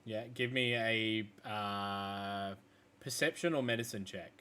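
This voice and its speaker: A man's voice: on the low side, takes it slowly, sharp tone. A man narrating as game master, describing scenes loosely with lots of fillers.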